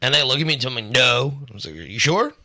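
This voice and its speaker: Male podcast co-host, very bright sharp voice, rambling and profane. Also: mid-range voice, sing-song, quick pace. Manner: rambling storyteller, heavy fillers and swearing. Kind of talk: casual podcast chat.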